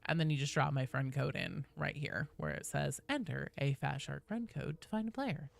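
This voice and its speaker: A woman's voice: low-pitched, sing-song, normal speed, vocal fry. A woman streaming a game live, chatting casually and playfully with viewers and swearing freely.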